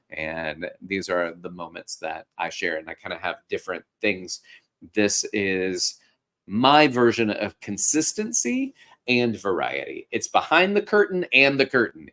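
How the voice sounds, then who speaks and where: A middle-aged man with a low-sitting, slightly bright voice hosts a podcast and works as a fitness instructor. He offers casual, upbeat coaching advice with a joking streak.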